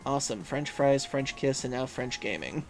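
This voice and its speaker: A man's voice: medium pitch, animated, normal speed. A man hosting a livestream in casual chat, reading viewers' messages aloud and musing with frequent hums and fillers. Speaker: livestream host.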